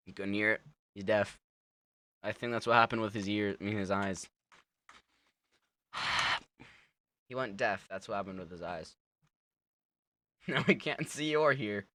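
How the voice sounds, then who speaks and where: A man's voice: lowish voice, a little slow, long pauses, sharp tone, slight background noise. A young man casually joking through a horror game, teasing the monster with lots of laughter. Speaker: gamer playing a horror game. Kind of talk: casual let's-play commentary.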